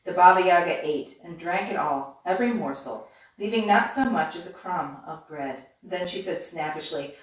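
A woman reading a fairy tale aloud as a bedtime story in steady, even narration. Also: on the low side, normal speed. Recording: roomy, distant mic.

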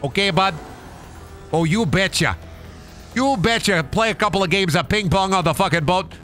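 A man's voice: sits high, a little fast, pushed and bright, faint music behind, pitched above the performer's own voice. A man voicing a profane, folksy male Minnesotan dock worker who drawls and calls everyone bud.

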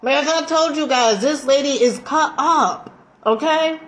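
A middle-aged woman vlogging, telling a story in a casual, animated way, laughing often, with slang and emphatic swearing. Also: sits high, a little slow. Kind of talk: casual storytelling chat while eating.

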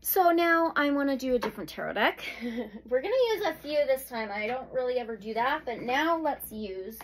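A woman giving a pick-a-pile tarot reading, slow and soothing, with sudden excited outbursts. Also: high voice. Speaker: tarot reader.

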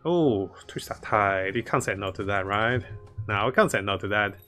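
A man's voice: lowish voice, animated, normal speed, bright, forceful tone, soft background music. A man commentating his own strategy game live, chatting to viewers and laughing often. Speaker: streamer playing a strategy game.

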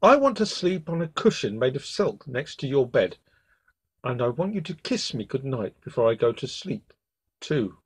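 A man reading a storybook aloud and voicing a gentle, polite talking frog in a soft voice. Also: medium pitch, big pitch swings, normal speed, husky.

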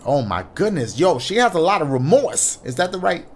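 A man giving excitable, profane let's-play commentary on a horror game and talking to his viewers. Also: on the high side, brisk. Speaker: gaming YouTuber.

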